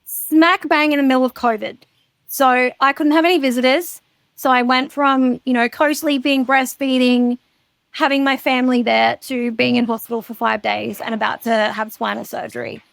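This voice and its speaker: High, gravelly woman telling her story. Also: fairly even intonation, normal speed, fairly bright tone, dry recording. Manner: frank, casual, swears freely. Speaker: guest. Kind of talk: candid personal storytelling.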